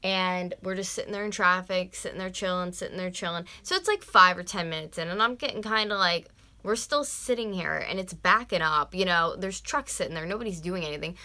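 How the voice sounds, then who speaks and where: On her live stream, a North American vlogger in her twenties rants casually, cursing openly, saying "like" constantly, and now and then sinking into whispers. Her voice is fairly low, brisk, and sharp in tone.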